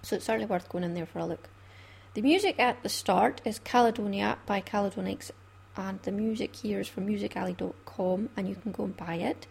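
A woman's voice: mid-range voice, brisk, gravelly, darkish tone. A Scottish woman hosting a craft podcast in a chatty, laughing way. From Scotland. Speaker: podcast host. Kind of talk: casual chat.

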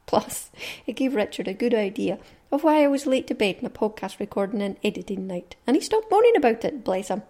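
A woman's voice: medium pitch, big pitch swings, brisk, warm tone. A Scottish woman hosting a podcast, talking in a chatty, cheerful and enthusiastic way. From Scotland. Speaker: podcast host. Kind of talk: casual podcast chat.

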